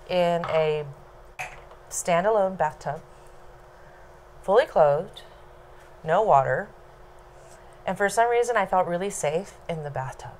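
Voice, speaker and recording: Slow, low-pitched woman telling a story. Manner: unhurried, low-key, laughs between lines. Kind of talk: personal storytelling at a small live event. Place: home dining room, small audience.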